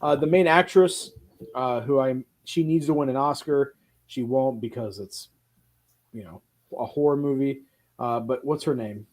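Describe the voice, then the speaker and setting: Man, casual podcast chat, animated storyteller, salty language. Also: mid-range voice, unhurried. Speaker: podcast co-host.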